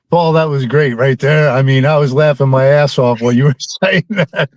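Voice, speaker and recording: A man's voice: mid-range voice, measured pace. A man calling in to a sports show, rambling and teasing, with plenty of ums. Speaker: caller. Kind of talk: phone-in chat with a host.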